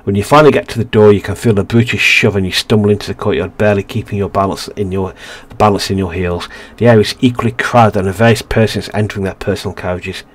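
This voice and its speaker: A man's voice: on the low side, steady tone, fast, hardly any pauses. A man hosting a let's play, reading a narrative game's story aloud with frequent stumbles and restarts.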